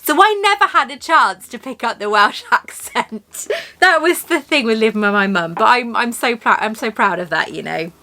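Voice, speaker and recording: A woman's voice: fairly high pitch, expressive, moderate pace, pushed and bright. An English woman chatting casually as she unboxes a tea set, rambling and gasping with delight. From England.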